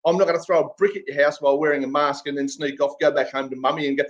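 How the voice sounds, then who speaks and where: A man's voice: fairly high pitch, steady tone, very fast, few pauses. An irate Australian man ranting and swearing in casual talk. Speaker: guest commentator. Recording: muffled lo-fi audio.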